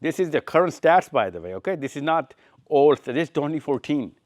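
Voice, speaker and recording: A man lectures a live room from his slides, pointing and quizzing listeners by name. His voice sits fairly high for a man, and the sound is close and dry. He repeats short phrases over and over to drive each point home. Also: big pitch swings, fairly quick, dry recording. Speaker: touring speaker. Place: event room with audience.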